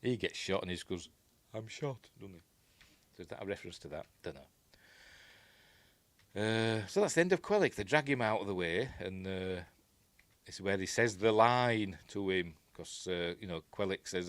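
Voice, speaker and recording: A man's voice: deep voice, moderate pace, fairly bright tone, no room sound. A man with a Yorkshire accent giving a rambling, chuckling commentary on a film, acting out quoted lines. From Yorkshire, England. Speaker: film reviewer.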